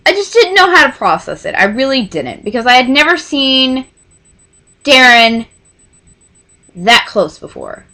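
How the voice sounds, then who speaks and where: Animated young woman telling a story. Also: sits high, unhurried, pauses often. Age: 20s. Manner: animated, acts out dialogue with quoted voices. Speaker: vlogger. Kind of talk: casual storytelling.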